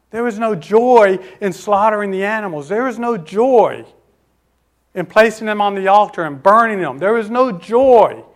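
A man with a high, a bit bright voice delivers a sermon, putting questions to the congregation and answering them himself while slowing to lean on key words.

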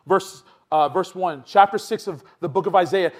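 A young man preaching a sermon, dropping to low asides and then rising to loud, emphatic scripture reading. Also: lively intonation, moderate pace, hardly any pauses.

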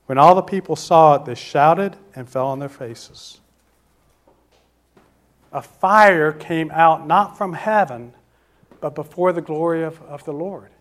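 Preaching in a fairly high-pitched voice, a man poses questions to his audience, then supplies the answers, slowing his delivery to emphasize important words.

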